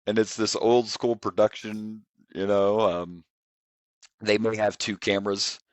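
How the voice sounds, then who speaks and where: A man co-hosting a podcast that reviews wrestling, talking in a relaxed, rambling way with frequent chuckles. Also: on the low side, unhurried, no room sound. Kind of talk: casual chat.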